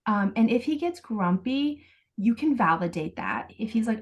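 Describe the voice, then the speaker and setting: A woman's voice: fairly high pitch, animated, moderate pace. A woman parenting coach on a video call, patiently explaining step by step and acting out sample phrases.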